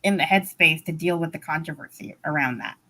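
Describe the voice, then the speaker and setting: A woman's voice: deep voice, a little fast, sharp tone. A woman guest on a video-call book chat, talking frankly and conversationally with many fillers, through a laptop microphone. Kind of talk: casual chat. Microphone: laptop mic on a video call.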